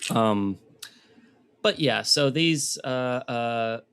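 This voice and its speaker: A man's voice: medium pitch, animated, extremely slow, fairly bright tone, clear, resonant tone. Rambling male podcast co-host. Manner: rambling, lots of fillers, puts on goofy voices when quoting. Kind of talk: casual chat.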